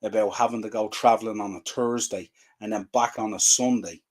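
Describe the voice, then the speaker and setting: The fan podcast host speaks fairly quickly in a lowish, darkish voice with fairly even intonation. Exasperated, he rants on, piling up repetitive rhetorical questions.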